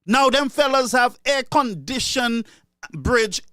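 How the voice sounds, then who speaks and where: A man's voice: very high voice, lively intonation, slow pace, pushed and bright, dry recording, clean studio sound. A man with a Caribbean English accent delivering an indignant, repetitive political rant as a solo commentator. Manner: indignant, ranting, repeats himself. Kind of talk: solo opinion monologue.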